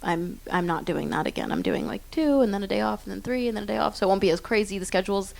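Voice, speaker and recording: A guest singer in her twenties is interviewed live on a theater stage in front of an audience, coming across chatty, bubbly, and self-deprecating. Her mid-range voice is expressive, fast, a little mellow, and has vocal fry.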